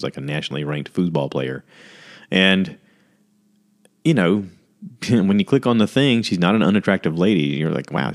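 A man with a very low voice talks through a casual podcast monologue. He rambles from story to story and jumps into high, goofy voices when he quotes people. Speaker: podcast host.

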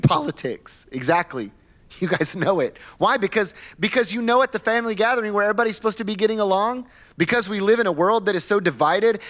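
Pastor, male, fairly high voice, conversational sermon with questions to the room and acted-out asides. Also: fairly bright tone. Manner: conversational, asks the congregation questions, acts out quoted people. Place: church sanctuary.

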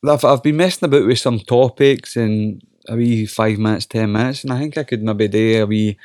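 A man's voice: medium pitch, moderate pace, darkish tone, no room sound, studio quality. A young Scottish man, a professional wrestler, chatting bluntly in an interview, swearing a lot and restarting his sentences as he rambles. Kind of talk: casual interview chat.

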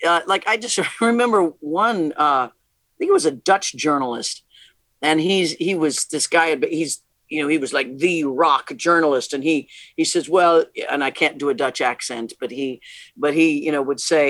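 A woman's voice: sits low, normal speed, fairly bright tone, dry recording. A middle-aged woman, a rock musician, talking candidly as an interview guest, laughing often and restarting her sentences. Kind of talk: casual interview conversation.

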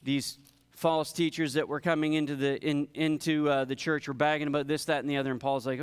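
Male pastor, fairly high, smooth resonant voice, emphatic sermon delivery in a large echoing hall. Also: level tone. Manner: preaching, building in intensity and slowing for emphasis.

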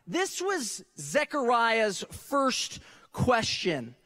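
A man's voice: sits high, takes it slowly. A man preaching a sermon as pastor, telling the story conversationally and speaking directly to the congregation. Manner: animated storytelling with frequent restarts.

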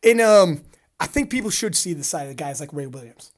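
A man co-hosting a casual podcast, talking in a rambling, animated way and laughing often. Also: a little high, brisk. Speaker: podcast co-host.

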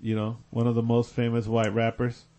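A man in a casual podcast discussion, making his points calmly with examples. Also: mid-range voice, brisk. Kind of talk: casual debate among friends.

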